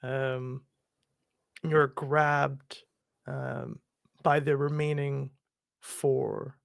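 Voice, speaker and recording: A man's voice: mid-range voice, fairly even intonation, very slow, creaky, dry recording, clean studio sound. A man narrating a tabletop game as game master, loosely explaining rules with many fillers.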